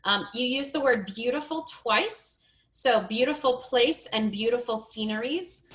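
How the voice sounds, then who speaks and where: Upbeat woman English tutor, a touch high-pitched, with a bright voice; encouraging and quick to laugh. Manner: encouraging, laughs often, corrects gently. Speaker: English speaking teacher. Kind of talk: one-on-one pronunciation and grammar coaching.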